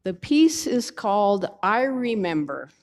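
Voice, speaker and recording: A woman reading family tributes aloud at a memorial service in a slow, measured way. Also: mid-range voice, big pitch swings, a little mellow. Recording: long reverb of a hall.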